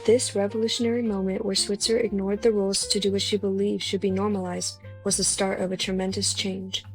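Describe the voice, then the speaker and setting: A young woman reading the narration of a student documentary in a steady, read-aloud way. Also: mid-range voice, a little fast, faint music behind, rough recording. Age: young adult.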